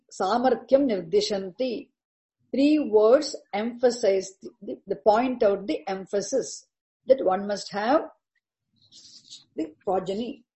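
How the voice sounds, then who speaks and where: A woman's voice: medium pitch, warm tone, poor audio. A woman teaching a scripture commentary, explaining each term carefully and repeating words for emphasis. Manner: deliberate, repeats terms and explains each word.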